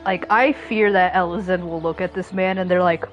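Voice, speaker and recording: A woman's voice: lowish voice, steady tone, normal speed, few pauses, dull audio, soft background music. A woman streamer giving casual, profane gameplay commentary and acting out the characters' reactions as jokes.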